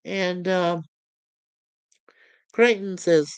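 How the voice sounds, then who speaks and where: A woman reviewing a show in a casual, halting way, setting up quotes with fillers. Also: deep voice, no room sound, low-quality recording. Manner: loose, halting narration with fillers.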